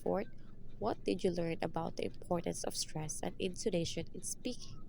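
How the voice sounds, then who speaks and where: Young woman, student teacher, low gravelly voice, reads her lesson plan step by step. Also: normal speed, a little hiss or hum, rough recording. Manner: reads steps and numbered questions in an even, listing way. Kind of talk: reading a prepared lesson presentation.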